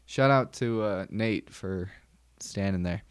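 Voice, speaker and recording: A man's voice: lowish voice, takes it slowly, smooth, no echo. A young man hosting a podcast, rambling casually with self-deprecating jokes and lots of ums. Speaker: podcast host. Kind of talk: casual solo podcast monologue.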